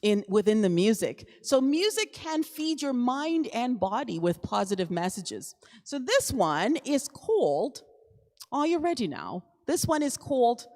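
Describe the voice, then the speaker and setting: A woman's voice: mid-range voice, darkish tone, long reverb tail. A woman singer-songwriter hosting her own live stream, talking casually and upbeat with plenty of fillers and little laughs.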